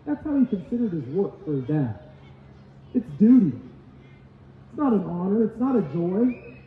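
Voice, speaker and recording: A pastor preaches with emphatic, repeated phrases in a high voice. His sermon sounds tinny and phone-like, and heavy church echo surrounds it with faint noise behind. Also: sing-song, normal speed, long pauses. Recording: echoey hall, tinny lo-fi sound.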